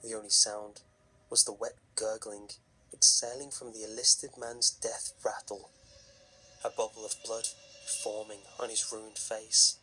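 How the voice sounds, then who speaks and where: A man reading a horror story aloud in a slow, measured, hushed narration with a husky voice. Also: lowish voice, rough recording.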